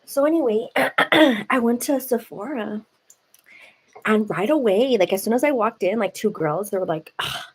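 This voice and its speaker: Seated at home, a woman hosts a live stream and tells a story in a chatty, animated way, packing it with "like" and "you know." Her voice is fairly high and slightly rough, and she talks at a normal speed.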